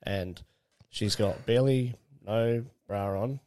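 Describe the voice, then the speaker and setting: A man's voice: on the low side, takes it slowly, mellow. A man, co-hosting a podcast and telling a crude, rambling story in casual chat. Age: late 20s. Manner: crude, rambling, laughs while telling stories. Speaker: podcast co-host.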